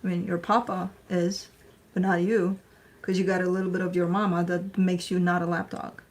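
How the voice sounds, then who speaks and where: A woman chatting casually on a live stream, playful and talkative, with a husky voice. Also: fairly low pitch, flat delivery, moderate pace, darkish tone. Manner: chatty, playful, talks to her dog in baby talk. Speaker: tarot reader.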